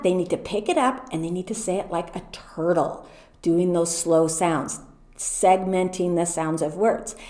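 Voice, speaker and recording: A middle-aged American woman explaining classroom routines to teachers in a clear, patient way, sounding out words slowly. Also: medium pitch, darkish tone. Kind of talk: teacher training presentation. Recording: echoey room.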